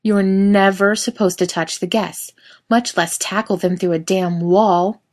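A woman's voice: mid-range voice, fairly even intonation, a little slow, close to an everyday voice. A woman doing a bossy, furious male staffer. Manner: yelling, curt and scolding.

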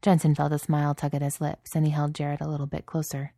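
A woman reading a story aloud in calm, even narration. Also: deep voice, quick pace, gravelly, no room sound, studio quality. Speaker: audiobook reader.

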